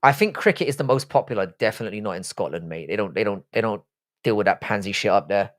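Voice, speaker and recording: A man in his forties hosts a live stream, his voice low-leaning, expressive, and quick. He answers viewer chat with casual, blunt banter that's profane and joking.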